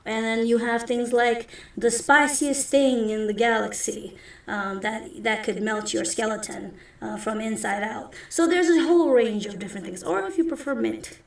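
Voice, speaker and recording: A woman's voice: fairly high pitch, normal speed, creaky. A woman narrating as game master of a tabletop game, chatty and rambling. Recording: roomy echo from a distant mic.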